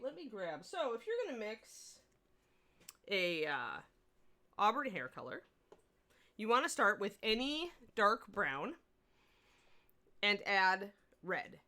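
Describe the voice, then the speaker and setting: A woman's voice: medium pitch, big pitch swings, unhurried, long pauses, sharp tone. A woman hosting a casual livestream painting tutorial, chatting with viewers and her pet between tips. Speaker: miniature painting instructor and stream host.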